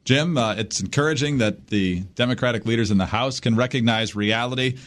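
A man's voice: mid-range voice, fairly quick. A man co-hosting a political talk podcast, teasing and sardonic as he reads the news. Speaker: podcast co-host. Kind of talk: casual political chat.

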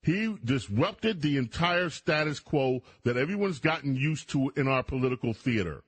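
A man's voice: medium pitch, animated, moderate pace, husky. A man hosting a talk radio show, delivering an emphatic monologue straight to his listeners. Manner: emphatic, addresses listeners directly.

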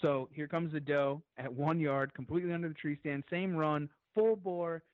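A man as a podcast guest, telling a long story in an excited, rambling way and swearing freely. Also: a little high, moderate pace, no echo, narrow, tinny audio.

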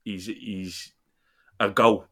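In a casual football fan chat, a man with a low, nearly monotone voice rambles passionately and swears freely. He draws out his words, and his voice is slightly rough.

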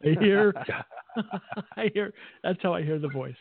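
Wry gravelly guy on a sports podcast, dry tinny phone sound. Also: high voice, unhurried. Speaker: podcast co-host. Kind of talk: casual chat.

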